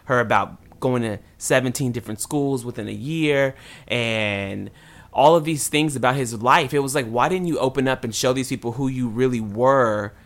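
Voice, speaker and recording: A man's voice: mid-range voice, moderate pace. A man hosting a podcast, chatting casually about a reality show in a sassy, emphatic way. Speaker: podcast host. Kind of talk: casual gossip chat.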